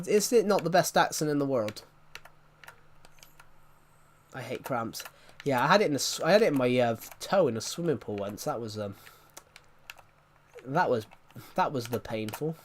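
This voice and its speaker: A streamer from southwest England, with a Southwest English accent, chats casually and rambles while answering viewers' questions. His medium-pitched voice has a fairly bright tone, with slight background noise.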